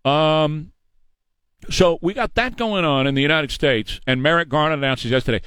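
Male radio host, sarcastic rant, fairly high voice, dry close studio sound. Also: normal speed, fairly bright tone, clear, resonant tone, no room sound. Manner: emphatic, ranting, sarcastic. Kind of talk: talk radio monologue.

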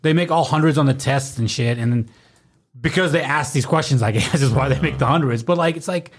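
A man's voice: medium pitch, fairly quick, breathy edge. A young adult man in casual podcast chat, telling stories in a profane, ranting way.

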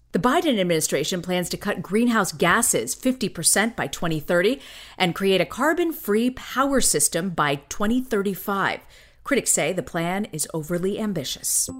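A woman hosting a daily news podcast, reading the morning headlines in a crisp, measured way. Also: fairly low pitch.

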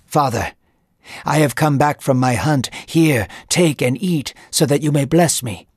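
A man's voice: on the high side, a little slow, slightly rough, no echo. A man voicing a grieving elder brother who pleads and threatens in a raised voice. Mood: earnest.

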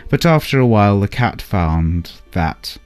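A man narrating a bedtime story in a calm, unhurried way. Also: fairly low pitch, clear, resonant tone, soft background music.

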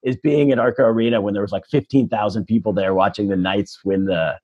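A man's voice: on the low side, steady tone, fast, darkish tone, breathy edge, muffled recording. A male stand-up comedian telling stories in a casual interview, self-deprecating and rambling with restarts.

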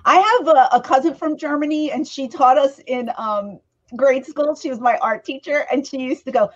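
A woman co-hosting a podcast in casual chat, animated, laughing easily and trailing off mid-sentence. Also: sits high, moderate pace, muffled recording. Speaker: podcast co-host.

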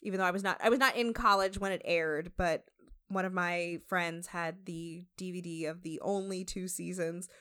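A woman's voice: on the low side, normal speed, smooth. An American woman co-hosting a podcast, recapping a show in casual, chatty talk full of fillers. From United States. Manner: chatty, animated, many fillers. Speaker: podcast co-host.

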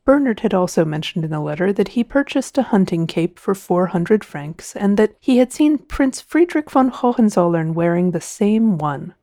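Mellow woman narrating a novel. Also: mid-range voice, no echo, studio quality. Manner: expressive, measured storytelling. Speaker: audiobook narrator. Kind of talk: scripted narration.

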